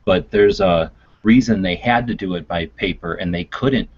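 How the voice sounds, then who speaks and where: A man's voice: low voice, normal speed, slightly rough. A man in a casual chat, ranting earnestly. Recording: lo-fi online voice chat.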